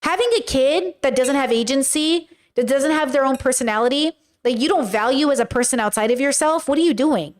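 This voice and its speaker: Brief: young woman livestream host, high voice, blunt, animated chatty delivery. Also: fairly quick, few pauses. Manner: animated, blunt, talks straight to viewers. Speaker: livestream host reading chat. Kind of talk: casual chat. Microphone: webcam or desk mic on a livestream.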